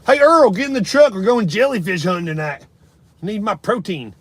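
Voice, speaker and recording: A man playing a rowdy hick hollering across the beach at his buddy. The drawl is high, loud and brash. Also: lively intonation, brisk, no room sound.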